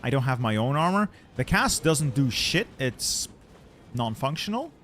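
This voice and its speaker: A man's voice: medium pitch, very animated, unhurried, fairly bright tone, a little hiss or hum. A man commentating his strategy game play, exasperated and swearing as he rants about losing. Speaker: gaming channel host.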